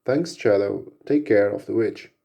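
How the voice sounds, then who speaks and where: A man's voice: lowish voice, unhurried, creaky, mellow. A man voicing a grateful masked fighter in an earnest, brief way.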